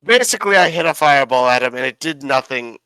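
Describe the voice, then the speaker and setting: A man with a bright, forceful voice rattles through a recap of his tabletop game session, swearing freely and stumbling over names. The sound is dry and close, with little room around it. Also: mid-range voice, lively intonation, fast talker, smooth, dry recording. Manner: rambling, profane, fumbles names. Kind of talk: casual in-character recap.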